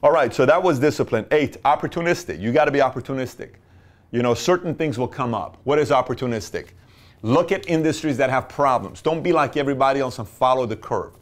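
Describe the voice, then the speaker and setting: A man's voice: mid-range voice, fast talker. A man giving business advice in a motivational talk, emphatic and full of rhetorical questions and playful sarcasm.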